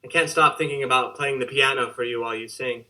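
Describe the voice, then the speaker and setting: A man's voice: medium pitch, steady tone, fast talker, bright, forceful tone. A man acting an earnest, wistful young soldier reading a letter home in a theatre monologue. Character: young soldier, homesick and out of place. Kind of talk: theatre monologue over video call.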